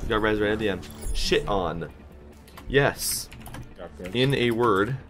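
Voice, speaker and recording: Young man, gaming commentary, excitable and joking, faint backing music. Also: on the low side, slow pace. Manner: hyped, joking trash talk, laughs a lot. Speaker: gaming YouTuber. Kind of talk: casual gameplay commentary.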